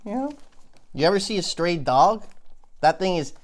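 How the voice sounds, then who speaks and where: A man telling absurd comic stories on a podcast, cursing, laughing at his own jokes, and swinging between hushed muttering and shouting. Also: high voice, animated, normal speed. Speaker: comedy podcaster. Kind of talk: absurd storytelling monologue.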